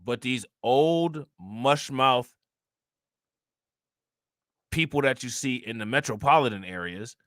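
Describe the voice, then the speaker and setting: A man's voice: mid-range voice, slow, pauses often, a bit bright, no echo, studio quality. Heated man firing rhetorical questions. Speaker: reaction channel host. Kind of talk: opinion commentary to viewers.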